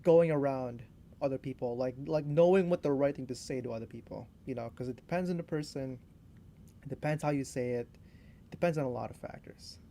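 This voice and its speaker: A man's voice: mid-range voice, brisk, creaky, dark tone. A young man co-hosting a podcast, talking casually and hesitantly, with many fillers. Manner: loose and hesitant, lots of "like" and "you know". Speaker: podcast co-host. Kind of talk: casual chat.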